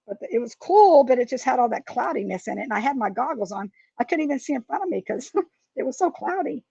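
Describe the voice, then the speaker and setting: High-voiced woman hosting a livestream. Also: animated, fast, gravelly, warm tone, husky, no room sound, lo-fi sound. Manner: friendly, greets viewers by name. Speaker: livestream host. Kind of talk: casual livestream chat.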